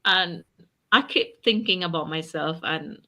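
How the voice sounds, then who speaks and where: A woman's voice: lowish voice, a little slow, pushed and bright. A woman on a video call talking earnestly in a casual chat, often laughing as she speaks. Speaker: accountability partner sharing in a group chat.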